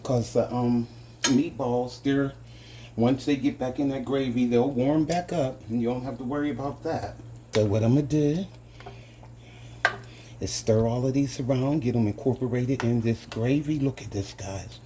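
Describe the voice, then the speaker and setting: A man's voice: mid-range voice, normal speed, dark tone, a little hiss or hum. A man hosting a casual cooking demonstration in a home kitchen, chatting to his viewers as "guys" and savoring each taste with little hums. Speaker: home cooking channel host.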